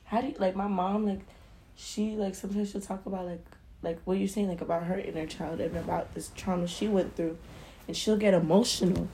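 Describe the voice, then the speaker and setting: Young woman with a gravelly voice. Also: mid-range voice, a little hiss or hum. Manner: hesitant, halting, many fillers. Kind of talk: casual chat.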